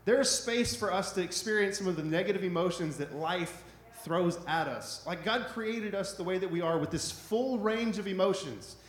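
A man's voice: sits high, moderate pace, few pauses, echoey room. A man preaching a sermon in a loose, conversational way, often checking in with "right?". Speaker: pastor.

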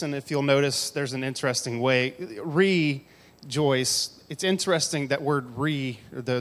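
A man preaching a casual, conversational sermon to a congregation on a handheld mic, with joking asides. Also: mid-range voice. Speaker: pastor. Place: church hall with audience. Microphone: handheld microphone. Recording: long hall reverb.

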